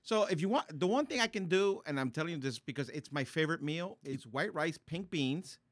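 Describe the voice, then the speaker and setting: A middle-aged man co-hosting a casual podcast chat, teasing and quick to laugh. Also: on the high side, animated, no echo.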